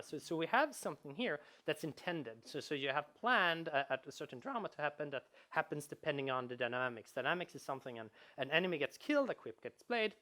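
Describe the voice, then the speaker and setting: A man, a game designer, giving a conference talk, animated and full of restarts and repeated words. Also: on the high side, a little fast, hardly any pauses.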